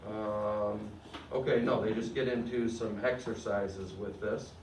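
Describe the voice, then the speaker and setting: A man's voice: fairly low pitch, fairly even intonation, unhurried, a little mellow, a little hiss or hum. A man teaching a Spanish class, explaining grammar step by step and often checking that students follow. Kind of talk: classroom lecture. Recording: echoey room, mic at a distance.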